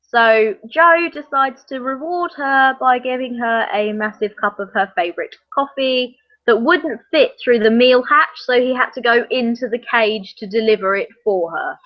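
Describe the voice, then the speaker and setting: A woman's voice: a little high, moderate pace. A woman with an English accent, a guest on a book discussion, recounting the plot with dry quips. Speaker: guest reviewer. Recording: dull lo-fi call audio.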